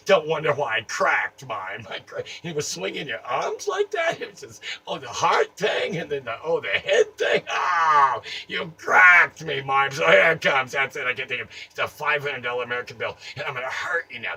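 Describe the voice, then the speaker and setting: A man doing an improvised comic monologue, taunting someone in a theatrical voice that swings from mutters to shouts. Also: mid-range voice. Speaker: comedic performer. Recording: distant mic, faint ambient noise.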